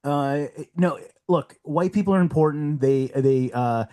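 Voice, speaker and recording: A man talking on a casual podcast, his voice sitting a little high. He is blunt and heated, swears constantly and hammers each point home. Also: measured pace, warm tone. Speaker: podcast guest.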